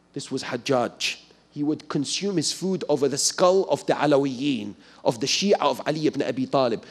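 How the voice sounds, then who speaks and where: Man preaching with dramatic loud peaks. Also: a little high. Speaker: sheikh preacher. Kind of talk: sermon. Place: mosque lecture hall.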